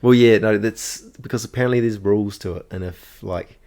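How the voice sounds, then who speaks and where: A man's voice: lowish voice, fairly quick, a little mellow. A young man, co-hosting a casual podcast chat, laughing often and swearing casually. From New Zealand. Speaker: podcast co-host.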